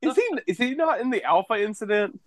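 A man's voice: sits high, animated, fast talker. A man co-hosting a casual podcast chat, talking loosely and profanely with fillers and restarts. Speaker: podcast co-host. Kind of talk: casual chat about cult horror films.

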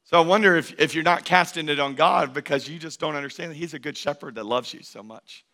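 A male pastor delivering a sermon in a bright, forceful voice pitched a little high. He preaches in a rhythmic, repeating cadence. He swings between ringing emphatic calls and hushed, close asides. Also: fast, gravelly. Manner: emphatic, swinging from loud declarations to hushed intimacy.

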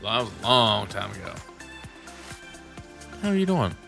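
A young man co-hosting a casual chat who makes blunt, crude jokes in a flat delivery. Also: on the low side, moderate pace, gravelly, faint music behind. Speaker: podcast co-host.

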